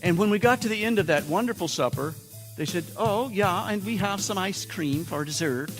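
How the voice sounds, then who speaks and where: A man's voice: sits high, animated, moderate pace, big-room sound, music in the background. A man with an American accent preaching a sermon as pastor, telling humorous stories and putting on playful voices for quotes. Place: church sanctuary.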